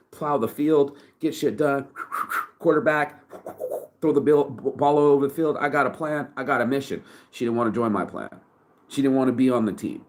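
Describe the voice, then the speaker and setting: A man in his forties giving a raw, emotional vlog monologue full of swearing and stumbling, repeated words. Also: lowish voice. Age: 40s. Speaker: vlogger and shirt brand owner.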